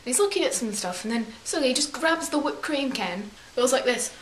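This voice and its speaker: A woman's voice: sits high, expressive, fairly quick. Chatty young woman with put-on English accent. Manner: rambling, self-correcting, chatty. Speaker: vlogger. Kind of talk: casual storytelling vlog. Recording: echoey room with faint hiss.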